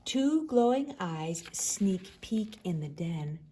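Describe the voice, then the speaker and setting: A woman reading a picture book aloud to children, expressive, dropping to a hush on the refrains. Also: fairly low pitch, slow pace, slight background noise. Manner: expressive, with hushed whispered refrains. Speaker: storyteller.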